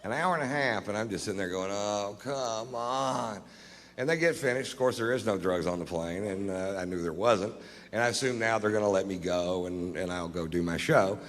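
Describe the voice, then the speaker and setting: A stand-up comedian telling stories on stage in a laid-back, deadpan, profane manner. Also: male voice, low-pitched, fairly quick. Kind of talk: live stand-up storytelling. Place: live comedy venue on stage. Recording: live venue with reverb and crowd.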